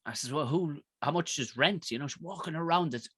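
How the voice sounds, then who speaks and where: Irish male comedian, mid-pitched, bright forceful tone, rambling story told loose and casual, dry close sound. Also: fairly quick, husky, dry recording. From Ireland. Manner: rambling, animated, swears freely. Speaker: podcast guest, comedian.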